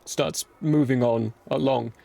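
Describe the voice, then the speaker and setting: A man's voice: medium pitch, fairly even intonation, takes it slowly, gravelly, dark tone. A man narrating a tabletop game as game master, describing scenes while searching for words.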